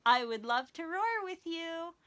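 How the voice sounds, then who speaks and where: A woman reading a picture book aloud to young children in a playful, animated way, talking to the listener as she goes. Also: extremely high pitch, measured pace.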